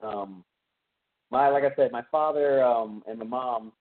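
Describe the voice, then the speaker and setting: Texan male podcast host, casual rambling film recap, mid-pitched, tinny phone-like audio. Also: a little slow. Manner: rambling, animated retelling with quoted voices. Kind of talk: casual movie recap chat.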